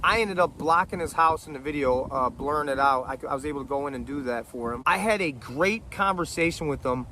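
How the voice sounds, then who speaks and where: Forties man, high voice, fiery and foul-mouthed storyteller. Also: brisk, few pauses, sharp tone, a little hiss or hum. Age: 40s. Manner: profane, fiery, blunt. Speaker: vlogger telling a story. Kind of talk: heated storytelling monologue.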